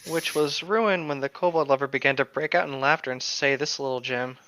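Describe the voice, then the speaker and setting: A man's voice: fairly high pitch, fairly quick, pushed and bright, no room sound. A man reading story posts aloud and rambling jokingly on a casual podcast. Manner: rambling, joking, laughs a lot. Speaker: co-host reading stories.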